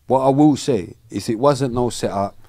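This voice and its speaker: A man's voice: mid-range voice, normal speed, mellow. A man, explaining himself insistently in a podcast conversation. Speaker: podcast host.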